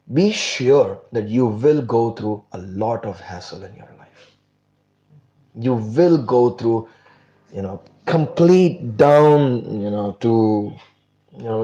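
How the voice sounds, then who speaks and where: Brief: male spiritual teacher, animated storyteller, warm mellow tone, slightly muffled audio. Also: medium pitch. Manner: animated storyteller, frequent fillers. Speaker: spiritual class speaker. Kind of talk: storytelling religious lecture.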